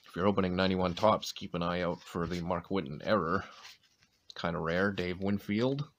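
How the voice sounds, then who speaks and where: A deep-voiced man with a light New England accent rattles off player names between chatty asides as he opens card packs. His throat is a little sore, and he keeps clearing it. Wrappers rustle faintly in the background. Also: normal speed, a little hiss or hum. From Maine, USA. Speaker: card-opening channel host. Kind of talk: casual pack-opening commentary.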